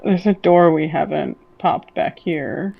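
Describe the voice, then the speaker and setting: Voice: mid-range voice, takes it slowly, gravelly, highs cut off. A player in a tabletop game chatting casually in short remarks and questions. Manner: brief, casual interjections.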